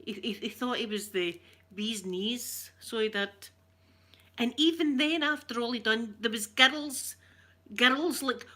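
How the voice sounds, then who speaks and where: Chatty middle-aged Scottish woman, bright voice. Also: fairly high pitch, lively intonation, slow. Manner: chatty and rambling, laughs often, greets viewers by name. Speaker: ASMR livestreamer reading viewer comments. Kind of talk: casual chat with live viewers.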